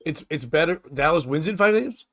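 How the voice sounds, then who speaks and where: A man's voice: a little high, expressive, fairly quick, a bit bright, dry recording. A man hosting a morning talk show, talking loosely and crudely, rambling and laughing as he retells stories. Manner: crude, rambling, laughs often, acts out quotes. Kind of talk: casual chat.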